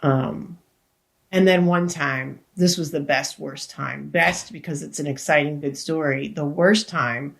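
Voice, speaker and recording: Woman, lowish voice, podcast guest, rambling storyteller, restarts, casual swearing. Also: fairly even intonation, a little slow, vocal fry. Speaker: guest, actor and comedian.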